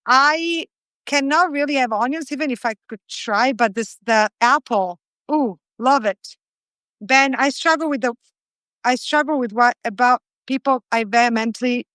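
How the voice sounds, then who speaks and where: A fairly high-pitched woman hosts a casual live stream from her home kitchen, cooking as she talks. She gushes warmly and reads viewer comments aloud. Her voice is close and dry, with almost no room sound. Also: no echo, poor audio.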